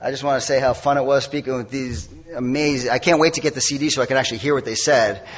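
Husky man telling his recovery story. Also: medium pitch, fairly even intonation. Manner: candid, self-mocking storyteller with quick asides. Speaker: recovery meeting speaker. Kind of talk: personal testimony talk.

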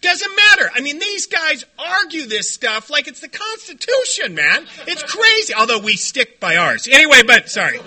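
High-pitched, bright-voiced man telling stories. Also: moderate pace, few pauses. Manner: animated and joking, shouts when acting out quotes. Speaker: recovery meeting speaker. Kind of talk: storytelling talk to a meeting. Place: meeting room before a group.

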